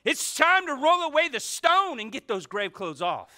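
A male pastor preaching a sermon to his church, fervent and shifting between shouts and hushed asides. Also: extremely high pitch, very animated, moderate pace. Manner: fervent, swings from shouting to near whispers. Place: church sanctuary.

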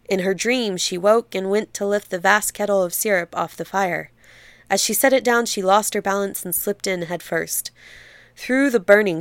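A woman narrating a literary story in a measured, steady reading voice. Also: mid-range voice, dry recording.

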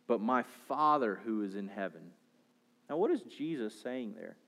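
Pastor, male, mid-high register; preaches an explanatory sermon, varies pace and volume. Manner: explanatory preaching with rhetorical questions, pace and volume rising and falling.

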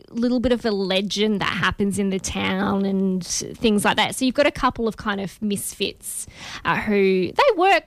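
A woman's voice: medium pitch, no room sound. Chatty woman co-host. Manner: chatty, rambling with fillers. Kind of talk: casual chat and film review.

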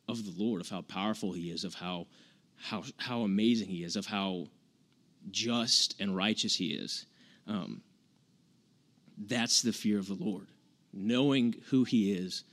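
A man preaching an informal sermon, earnestly retelling scripture in plain, everyday words with frequent restarts. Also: on the low side.

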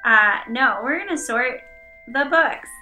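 A woman co-hosting a casual podcast chat, reacting playfully and warmly to her co-host. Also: high voice, lively intonation, takes it slowly, reverberant, lo-fi sound, faint music behind.

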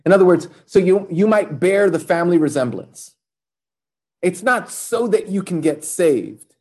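Male pastor, fairly high voice, chatty sermon with jokes and stumbles. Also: lively intonation, unhurried, darkish tone, breathy edge. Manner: conversational, joking, many fillers and restarts.

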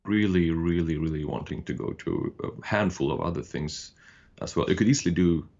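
A man's voice: low-pitched, a little fast, a little mellow, muffled recording. A man from Sweden in his thirties, co-hosting a podcast and explaining legal ideas in a thoughtful way with many restarts. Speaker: podcast co-host. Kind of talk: casual podcast chat and explanation.

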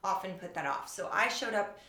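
Woman in her 40s, chatty and wry, mid-pitched voice, echoey room. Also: expressive, pushed and bright. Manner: chatty, quick storytelling with wry humor. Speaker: author and show creator guest. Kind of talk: casual interview chat.

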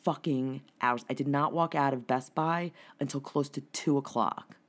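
A woman with an unusually deep, low voice tells a story in relaxed conversation. She talks bluntly and swears freely, with an animated, fired-up delivery. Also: moderate pace. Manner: profane, blunt, animated retelling. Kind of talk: casual chat, storytelling.

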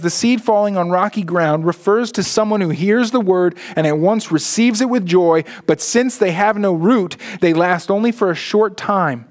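A man preaching a sermon as a pastor, earnest, often slowing and dropping his voice low to stress a phrase. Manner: earnest preaching, slows and drops low for emphasis.

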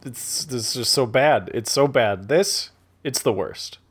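A man's voice: mid-range voice, measured pace, breathy edge. A man on a comedy podcast, dry and self-deprecating.

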